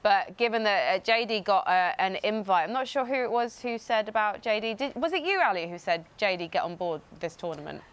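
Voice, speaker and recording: A woman with a British accent presenting esports coverage in a chatty, expressive way. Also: mid-range voice, brisk, hardly any pauses, clean tone.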